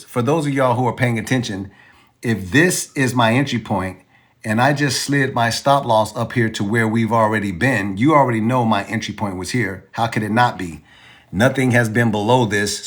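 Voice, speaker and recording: An animated man talking through trades in loose slang. His voice sits in a mid register, and he often argues with himself in mock voices. It sounds like a casual teaching stream. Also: mid-range voice. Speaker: trading educator.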